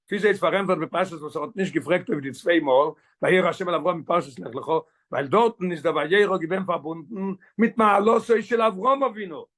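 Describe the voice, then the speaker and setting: Rabbi guy teaching a torah class, talks super fast, bounces between languages. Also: high-pitched. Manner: rapid, animated, switching languages mid-sentence. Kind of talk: Torah class, mixing English and Yiddish.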